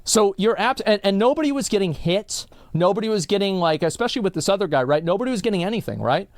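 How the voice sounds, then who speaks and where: Male streamer from Texas, rambling and profane storyteller, highish voice with very lively pitch, dry sound. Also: quick pace, no echo. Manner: rambling, profane, full of filler words. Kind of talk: casual storytelling on a live stream.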